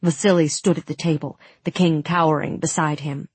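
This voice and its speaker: A woman narrating a fantasy audiobook in the first person, with steady, dramatic storytelling on a close studio mic. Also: low voice, fairly quick, breathy edge, no room sound.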